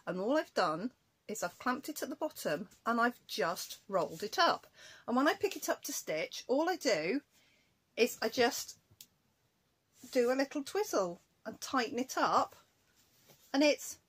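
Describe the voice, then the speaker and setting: A woman's voice: fairly high pitch, sing-song, unhurried, a bit bright, breathy edge. A woman chatting casually to camera in a cross-stitch vlog, rambling and breaking off to scold her cat.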